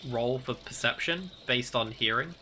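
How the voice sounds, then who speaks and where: A man narrating as game master in a tabletop game, halting and full of fillers. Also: mid-range voice, sharp tone, slight background noise.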